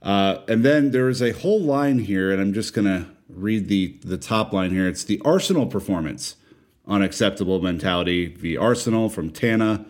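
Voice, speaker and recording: A man co-hosting a casual podcast, reading out listener comments in a relaxed way with fillers. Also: on the low side, normal speed. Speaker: podcast co-host.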